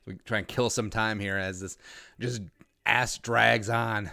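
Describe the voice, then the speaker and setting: A man hosting a casual livestream podcast, laid-back and wry, reading out viewer shout-outs with quick jokes. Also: on the low side, steady tone, vocal fry, no room sound, studio quality. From Minnesota. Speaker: podcast host.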